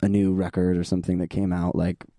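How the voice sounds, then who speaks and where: A hoarse young man hosts his own podcast, his voice rough and gravelly like sandpaper. He talks low and dark in tone, rambling casually in a self-deprecating way with low energy and frequent laughs. The sound is close and dry. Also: completely flat delivery, quick pace, no echo. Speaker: podcast host. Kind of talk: casual solo podcast chat.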